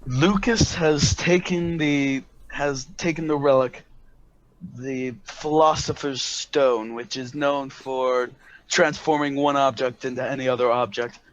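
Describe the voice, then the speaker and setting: A man's voice: medium pitch, steady tone. Man narrating as game master, dull audio. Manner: halting, many fillers and restarts.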